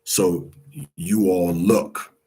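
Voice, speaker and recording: A man's voice: low-pitched, steady tone, drawn-out words, mellow, slightly rough. A man teaching a language lesson, patiently repeating each pronunciation several times.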